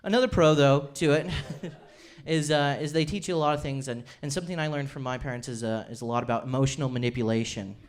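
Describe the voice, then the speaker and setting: A young man from Utah performing a stand-up comedy set on a club stage with a handheld mic. He is chatty and self-deprecating, and he slips into quick impressions of his family. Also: mid-range voice. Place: comedy club stage before a laughing audience.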